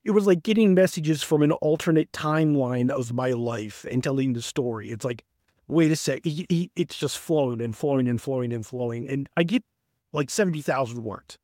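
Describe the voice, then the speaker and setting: A man's voice: mid-range voice, a little fast, no room sound, studio quality. A middle-aged man with a Southern US accent, telling stories in a casual interview as an author and raising his voice to act out friends he quotes. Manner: animated storyteller, acts out quoted friends in a raised voice.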